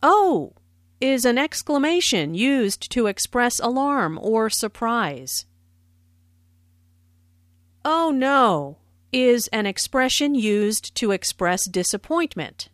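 A woman in the role of a language teacher reads scripted lesson notes. She speaks slowly and enunciates each phrase carefully, with plenty of lilt in a fairly high voice. The sound is dry and close. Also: lively intonation, no echo. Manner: slow, careful, clearly enunciated explanations.

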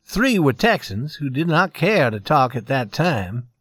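A man reading a western story aloud in a measured, expressive narration. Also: medium pitch, breathy edge, no echo, studio quality.

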